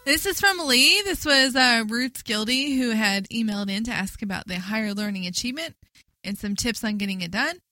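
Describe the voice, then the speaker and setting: A woman co-hosting a casual gaming podcast, chatty and quick to laugh. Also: on the high side, expressive, bright, forceful tone. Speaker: podcast co-host. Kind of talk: casual chat about gaming.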